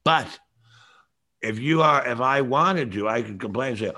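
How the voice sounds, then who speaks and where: An older man talks through a casual opinion podcast. He lectures in a long, opinionated monologue. His throat sounds bronchial, and he has to clear it now and then. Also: medium pitch, normal speed, bright, forceful tone. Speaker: show host.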